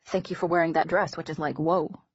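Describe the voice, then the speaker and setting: A woman's voice: low-pitched, steady tone, a little fast, slightly rough, dry recording. A woman reading a confident, teasing teenage boy. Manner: easy, teasing. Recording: dull lo-fi recording.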